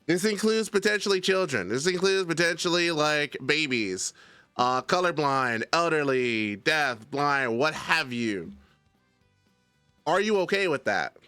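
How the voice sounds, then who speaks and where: A man's voice: a little high, animated, measured pace, sharp tone, smooth, dry recording, faint music behind. A man streaming live, chatting casually and arguing a point with his chat, addressing viewers by name.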